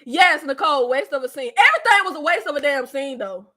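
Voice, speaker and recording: A woman reviewing a TV series in a casual live chat, blunt and slangy, getting worked up, yelling and laughing at her own jokes. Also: sits high, animated, brisk. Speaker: show reviewer.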